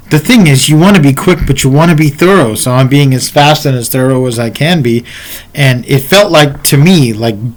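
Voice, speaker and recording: A man telling a personal story in a casual, rambling way, speaking to the viewer in asides, as a martial arts instructor. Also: medium pitch.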